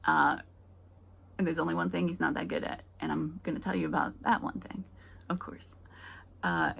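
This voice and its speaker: Female stand-up comic, low raspy voice with fry, halting delivery with dry punchlines. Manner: hesitant, filler-heavy delivery with dry punchlines. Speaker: stand-up comedian. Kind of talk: stand-up comedy set.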